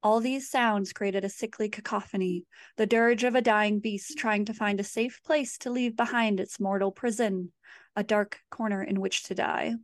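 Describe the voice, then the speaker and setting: A woman reads her horror fiction aloud in a measured, steady way. Her voice sits at a middling pitch, and the recording is dry and close, with no room sound. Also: dry recording. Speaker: author. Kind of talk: horror story reading.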